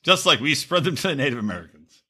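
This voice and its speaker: A man's voice: on the high side, very animated, fast, bright, forceful tone, slightly rough. A man co-hosting a podcast in casual, crude, jokey chat. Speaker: podcast co-host.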